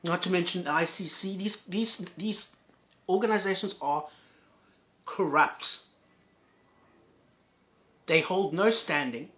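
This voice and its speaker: A man's voice: sits high, takes it slowly, long pauses. Profane ranting man, dull lo-fi sound. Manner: sarcastic, insulting, repeats and restarts. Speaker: commentator reacting to a clip.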